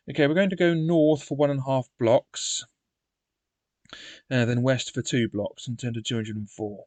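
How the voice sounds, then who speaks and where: A man's voice: mid-range voice, steady tone, normal speed, a little mellow, no echo. A man reading a gamebook aloud and chatting with wry asides and frequent ums. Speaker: let's play host.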